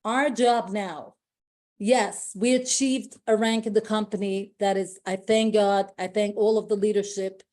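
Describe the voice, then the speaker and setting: A woman's voice: medium pitch, fairly even intonation, measured pace, dark tone. A woman giving an emotional, effusive motivational speech to her company team on a call, often repeating herself and restarting sentences.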